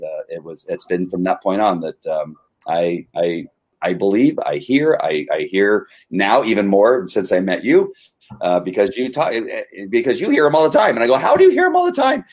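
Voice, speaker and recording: A man hosting a conversation, telling a personal faith story in an earnest, halting way with many restarts. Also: sits low, a little mellow. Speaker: podcast host. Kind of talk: personal testimony in casual conversation.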